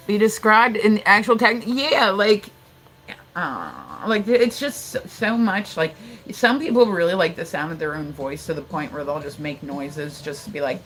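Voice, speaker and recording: A woman's voice: medium pitch, normal speed, a bit bright, soft background music, poor audio. A woman live streaming in casual chat, rambling with lots of fillers, laughter and swearing.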